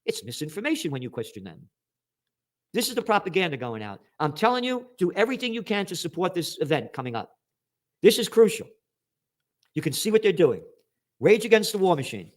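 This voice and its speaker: A man's voice: sits high, very animated, a little fast, pauses often. Sarcastic, profane man ranting about the news. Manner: angry, sarcastic, profane, mocking; reads headlines aloud then mocks them. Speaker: commentator.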